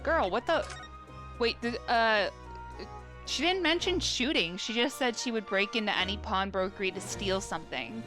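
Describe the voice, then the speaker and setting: A woman's voice: mid-range voice, lively intonation, moderate pace. A young woman casually commenting on a game she is playing, rambling with lots of fillers. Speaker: let's play host. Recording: game music behind.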